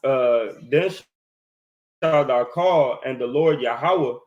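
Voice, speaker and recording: A man reading scripture aloud in a Bible study, halting and deliberate, with "uh" fillers. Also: medium pitch, a little mellow, muffled recording.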